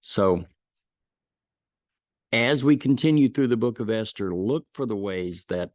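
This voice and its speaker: A man's voice: on the low side, lively intonation, unhurried, darkish tone, no echo, clean studio sound. Folksy man teaching a Bible lesson. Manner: folksy storytelling with restarts.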